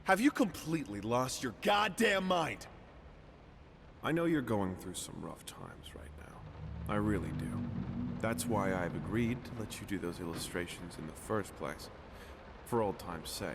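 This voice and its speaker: An actor playing an angry publisher who scolds in a cutting way in a video game. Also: male voice, on the low side, animated, a little slow, vocal fry, music in the background. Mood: contemptuous. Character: angry, contemptuous male publisher.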